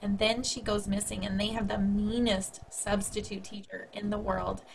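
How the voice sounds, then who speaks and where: A woman's voice: mid-range voice, level tone, moderate pace, creaky, a little hiss or hum, poor audio. A woman from a school's staff giving a friendly, upbeat update to young students. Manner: upbeat, speaks warmly to young kids.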